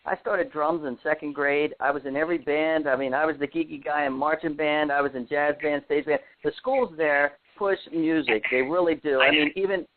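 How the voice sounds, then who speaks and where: A man's voice: fairly high pitch, fairly even intonation, a little fast, hardly any pauses. A man from Pennsylvania, a musician, reminiscing earnestly in a casual talk-radio chat. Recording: tinny phone-like radio audio.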